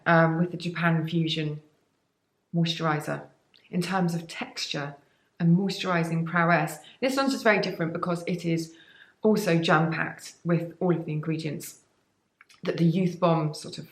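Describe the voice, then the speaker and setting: A woman's voice: lowish voice, roomy sound. A woman, a beauty vlogger, chatting to camera about products with enthusiasm and rambling, cheeky asides. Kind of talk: sponsored product chat to camera.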